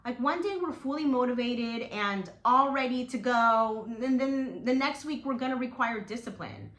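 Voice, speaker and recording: Woman vlogger, bright and encouraging, lively swooping delivery, slightly high voice, echoey room with light hiss. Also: moderate pace. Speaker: weight-loss vlogger. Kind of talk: encouraging motivational vlog. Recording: echoey room with faint noise.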